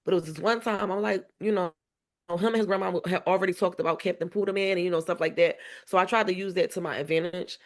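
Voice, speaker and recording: A woman's voice: lowish voice, fast. Woman vividly retelling family memories. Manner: animated, laughs often, acts out remembered dialogue. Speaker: mother of a child with cancer, podcast guest. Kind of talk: emotional podcast interview storytelling.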